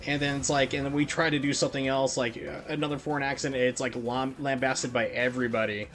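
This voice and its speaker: A man's voice: medium pitch, little pitch movement, fast talker, fairly bright tone, a little hiss or hum. A young man chatting casually and rambling while he plays through a speedrun on a live stream. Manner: rambling, heavy on "like" fillers.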